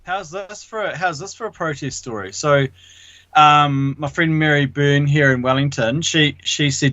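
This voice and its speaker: New man, bright tense voice, eager, dry dull lo-fi line. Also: a little high, normal speed, no room sound. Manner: eager, laughs often, fillers like "like". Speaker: radio show guest, activist. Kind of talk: casual radio chat.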